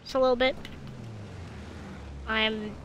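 A young woman hosting a gaming channel, giving excitable live gameplay commentary into a headset, swearing and laughing often. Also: fairly high pitch, takes it slowly, highs cut off.

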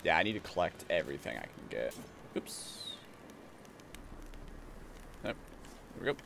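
A man streaming a video game, chatting casually and jokingly, even talking back to the characters. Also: very deep voice, normal speed, creaky, background noise. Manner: playful, jokey, talks to characters. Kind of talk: casual gameplay commentary. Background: game music.

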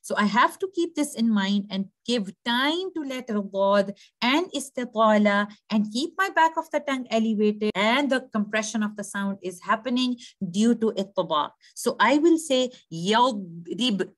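Female teacher, a little high-pitched, calm and explanatory, models sounds slowly. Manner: patient, explanatory, demonstrates pronunciations slowly. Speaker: Quran recitation teacher. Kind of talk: tajweed lesson.

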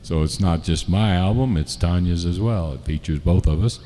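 Male musician-host, lowish voice, casual and joking, halting delivery, reverberant home room, faint guitar behind. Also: dark tone, a little hiss or hum. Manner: easygoing and joking, with frequent "uh" pauses. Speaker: musician hosting a live-stream show. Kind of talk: casual live-stream chat. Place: home setup, not a studio.

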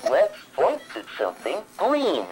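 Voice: mid-range voice, huge pitch swings, measured pace, a little mellow, slight background noise. A performer voicing a cheerful, playful purple dinosaur in a talking toy, leading a game with animal sounds. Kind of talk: recorded toy voice leading a sing-song game.

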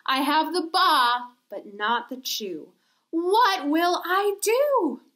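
A woman's voice: high-pitched, animated, slow, fairly bright tone, heavily acted. A woman voicing a sad little male sheep who needs to sneeze, pleading in a sing-song way during a children's storytime. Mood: plaintive.

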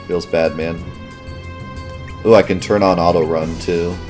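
A man's voice: sits low, fairly even intonation, measured pace, darkish tone, faint music behind. A man hosting a let's play, giving casual gameplay commentary and muttering asides while he reads menus.

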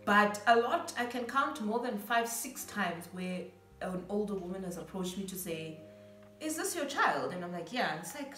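A woman's voice: medium pitch, lively intonation, normal speed. A woman telling a personal story in casual chat with her husband, acting out the people she quotes and laughing often. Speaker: co-host of a couple's channel. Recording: echoey room, voice a bit far, soft music.

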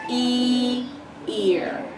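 A woman's voice: fairly high pitch, fairly even intonation, very slow, music in the background. A woman teaching first grade, leading a shared reading with encouragement and chanted rhythm in a classroom. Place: classroom with children. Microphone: far camera mic. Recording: echoey classroom from far off.

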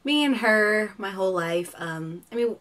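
A woman's voice: medium pitch, animated, moderate pace, a bit bright. A woman in her twenties chatting casually in a get-to-know-me vlog from her bedroom, rambling with lots of fillers and giggles. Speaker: vlogger.

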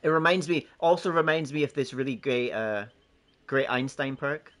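A man's voice: mid-range voice, steady tone, moderate pace, fairly bright tone. A man casually chatting on a gaming live stream, joking, swearing and laughing often as he banters with friends and chat.

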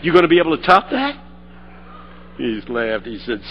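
A man preaching a sermon, telling a story and building to shouted call-and-response. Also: a little high, wildly swooping pitch, normal speed, long pauses, slight background noise.

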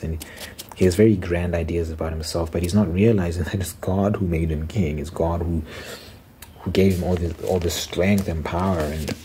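A man's voice: low-pitched, mellow, slight background noise. A young man giving casual, slangy ASMR Bible commentary, often restarting his sentences. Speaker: ASMR creator.

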